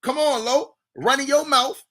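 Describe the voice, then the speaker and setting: Speaking at a moderate clip, a high-voiced livestream sports commentator trash-talks loudly and repeats himself, his energy hyped throughout.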